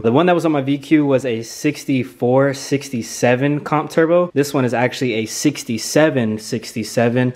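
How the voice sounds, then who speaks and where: A man vlogging his car build in a garage, talking casually in an excited, slangy and rambling way. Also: medium pitch. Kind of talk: casual vlog talk.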